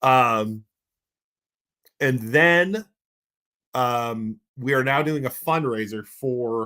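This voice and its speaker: A man's voice: medium pitch, drawn-out words, pauses often, smooth. A married man co-hosting a podcast, ranting heatedly and bluntly, repeating himself when worked up. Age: adult with a wife. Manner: calms down when making announcements. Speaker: podcast co-host. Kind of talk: passionate podcast rant.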